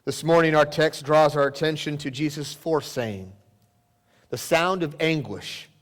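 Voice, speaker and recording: A man's voice: on the high side, unhurried. Man preaching in a reverberant church. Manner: dramatic swings from loud exclamations to hushed near-whispers. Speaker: pastor. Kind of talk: sermon. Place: church sanctuary. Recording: long church hall reverb.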